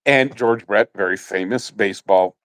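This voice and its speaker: A middle-aged man being interviewed, telling animated stories in a casual way and quick to laugh. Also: on the low side. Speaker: interview guest.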